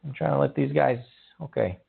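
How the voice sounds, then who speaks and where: A man's voice: medium pitch, brisk, vocal fry, breathy edge. A man hosting a call-in show who stammers and gets riled easily. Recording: tinny phone-like sound.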